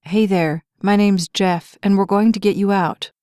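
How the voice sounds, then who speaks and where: A woman reading a male firefighter who talks gently and patiently to reassure a scared child, in an audiobook. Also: medium pitch, steady tone, unhurried, clear, resonant tone, dry recording, studio quality, close to an everyday voice. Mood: soothing. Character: calm, soothing male firefighter.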